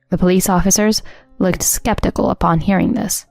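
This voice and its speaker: A woman's voice: lowish voice, fairly even intonation, normal speed, vocal fry, no echo. Woman narrating a story, dry close sound. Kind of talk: scripted first-person story narration. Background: soft music.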